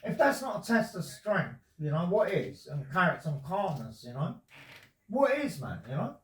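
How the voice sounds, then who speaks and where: Man, high animated voice, rambling and insistent; recorded off-mic in an echoey room with faint noise. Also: moderate pace, recorded from a distance. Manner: rambling and insistent, repeats himself. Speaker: resident talking to a visitor. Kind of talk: casual conversation. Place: indoors at his home.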